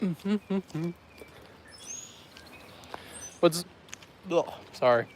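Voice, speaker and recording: Speaking slowly in an animated, fairly high-pitched voice, this man hosts a laid-back weather livestream on a handheld phone, rambling and joking with his chat as he walks. He's outside next to a country road, with slight background noise.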